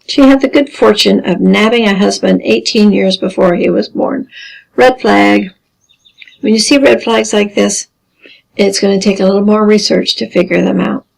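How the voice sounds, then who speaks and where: A woman teaching a genealogy lesson, explaining carefully with dry deadpan humor. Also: medium pitch, gravelly, low-quality recording. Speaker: genealogy instructor. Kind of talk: recorded lesson over slides.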